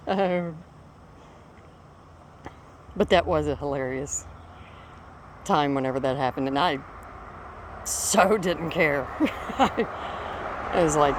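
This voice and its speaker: A woman's voice: low-pitched, extremely slow, long pauses, background noise. A middle-aged woman telling a rambling story on a walk outdoors, breaking off now and then to call her dog. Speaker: vlogger walking her dog.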